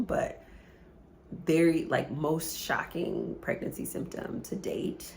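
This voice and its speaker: Woman vlogger around forty, deep voice with vocal fry; casual, earnest, halting delivery. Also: darkish tone, slight background noise. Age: about 40. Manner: rambling, halting, repeats words. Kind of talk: casual chat.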